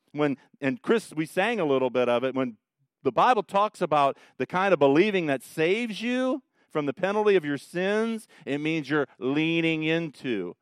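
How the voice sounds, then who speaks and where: Smooth-voiced pastor with a chatty sermon. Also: male voice, mid-range voice, dry recording. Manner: conversational, teasing asides. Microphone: microphone.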